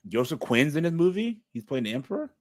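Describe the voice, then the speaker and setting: A man's voice: on the high side, sing-song, fast, no echo, studio quality. A man co-hosting a casual podcast chat, laughing along and chiming in with short replies. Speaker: podcast co-host.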